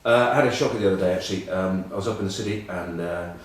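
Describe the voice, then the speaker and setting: A man's voice: deep voice, rapid-fire, very echoey, recorded from a distance, poor audio. A middle-aged English man telling rambling, self-mocking rugby stories in casual chat. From England. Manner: rambling, self-mocking anecdotes with many ums. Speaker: rugby pundit.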